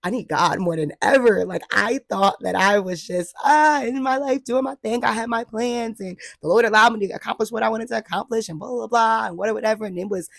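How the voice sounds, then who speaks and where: A woman's voice: on the high side, brisk, vocal fry, hardly any pauses, dry recording, clean studio sound. A woman in her late twenties from New Jersey, vlogging in a casual chat about her faith and her plans. She talks animatedly, laughs often and acts out her own past thoughts. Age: 20s. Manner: laughs often, frequent fillers like "like".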